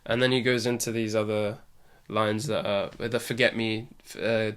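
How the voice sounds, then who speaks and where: A man's voice: fairly low pitch, little pitch movement, normal speed, a bit bright, smooth. A man co-hosting a casual music podcast, rambling and hesitant with frequent "um" and restarts. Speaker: podcast co-host. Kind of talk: casual music review chat.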